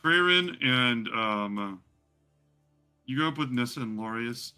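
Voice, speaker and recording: A man's voice: medium pitch, animated, slow, bright, forceful tone, smooth, soft background music. A man running a tabletop game as game master, talking in a rambling way with many fillers.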